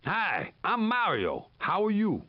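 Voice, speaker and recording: A man's voice: sits high, huge pitch swings, slow, muffled recording, exaggerated voice. An actor playing an eager young male plumber explorer in a video game, chirpy and wide-eyed. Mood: curious.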